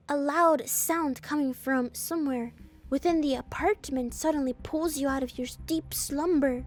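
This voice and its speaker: A woman's voice: high-pitched, normal speed, soft background music. A woman streamer reading a story game aloud and breaking off into playful, joking asides. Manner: playful, jokey, animated asides.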